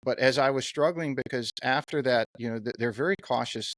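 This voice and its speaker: A man's voice: medium pitch, brisk, no echo, rough recording. A man in his fifties hosting a podcast and asking long, earnest, winding questions. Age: 50s. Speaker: podcast host. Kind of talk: podcast interview.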